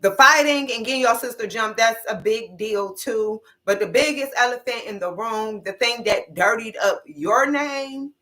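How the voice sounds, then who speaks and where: A woman's voice: on the high side, normal speed, few pauses, pushed and bright. A woman casually recapping a reality show conversation, quoting what was said, then giving her own emphatic opinion. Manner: recounts scenes with quoted dialogue, grows emphatic when giving opinion.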